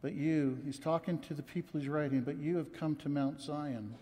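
A man's voice: fairly high pitch, fairly even intonation, normal speed, dark tone. A man preaching a sermon in an impassioned, emotional way, repeating words for emphasis, recorded in a church sanctuary. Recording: long reverb from a large hall.

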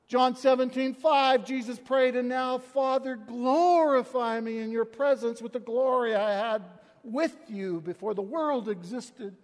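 A man preaching a sermon, quoting scripture with dramatic swings in loudness. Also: extremely high pitch, a little slow, hardly any pauses, in a large hall. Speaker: pastor.

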